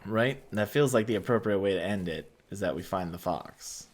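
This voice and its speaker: A man hosting a gaming channel, giving quiet, soft-spoken let's-play commentary and musing aloud as he explores. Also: on the low side, moderate pace.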